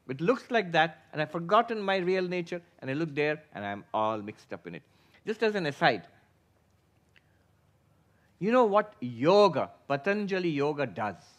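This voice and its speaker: High-voiced man teaching philosophy. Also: fairly bright tone. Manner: patient, explanatory, poses questions to the audience; acts out everyday inner voices for illustration. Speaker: spiritual teacher. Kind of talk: philosophy class lecture.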